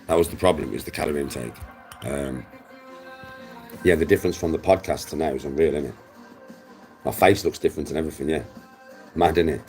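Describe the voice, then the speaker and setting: Faint music plays behind this very deep, slightly mellow voice as a young Birmingham man chats with his stream viewers, talking fairly quickly but pausing often. He addresses people by name in a loose, slangy style, and the room sounds reverberant.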